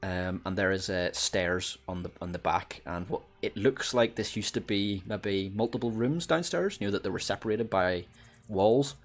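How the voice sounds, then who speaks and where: A man's voice: lowish voice, normal speed, few pauses. A man narrating as game master of a tabletop game, hesitant, full of ums and restarts.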